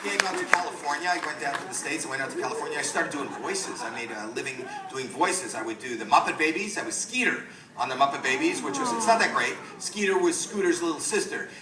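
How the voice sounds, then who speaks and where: Man, middle-aged, from Canada, stand-up comedy, rambling deadpan storytelling, echoey club, loud crowd noise. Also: a little high, fast, distant mic. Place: comedy venue with a live audience.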